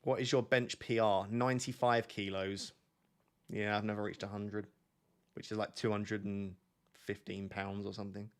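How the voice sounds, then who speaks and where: A man's voice: lowish voice, flat delivery, moderate pace. A young man hosting a livestream in casual chat, laid-back and joking, rambling with lots of fillers. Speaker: livestream host. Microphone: on a mic near the camera.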